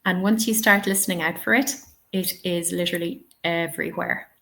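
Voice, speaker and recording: A woman's voice: on the low side, steady tone, a little fast, gravelly, a bit bright. A woman hosting a live webinar, patiently answering questions and giving spoken examples. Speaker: English teaching trainer.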